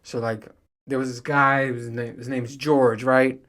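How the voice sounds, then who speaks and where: A man's voice: medium pitch, level tone, a little slow, a bit bright. A man in his thirties talks to the mic on his own, loose and unscripted. He rambles, swears freely and breaks into laughter between thoughts, the easy voice of a solo podcast host. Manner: rambling, profane, laughs often. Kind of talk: casual monologue.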